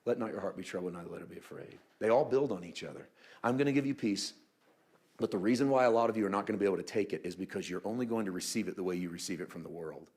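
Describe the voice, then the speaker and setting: A man preaches a sermon in a fairly low voice, talking to his congregation like he is chatting with friends. He slips in humorous asides and now and then drops to a near hush for emphasis. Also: fast. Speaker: pastor.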